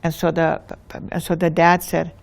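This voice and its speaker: A woman with a Lakota accent telling a traditional tale in an unhurried way, often restarting phrases. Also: fairly low pitch, monotone, gravelly. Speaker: storyteller. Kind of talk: oral storytelling.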